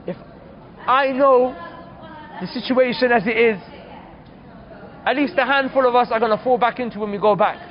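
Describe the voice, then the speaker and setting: A man's voice: very high voice, lo-fi sound. A man preaching, telling a story earnestly and calling his listeners brothers. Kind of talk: storytelling sermon.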